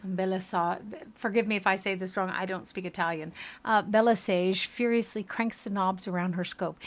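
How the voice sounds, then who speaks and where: A woman's voice: medium pitch, fairly even intonation, normal speed. A woman reading a game aloud, dropping candid, self-deprecating asides. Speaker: game reader.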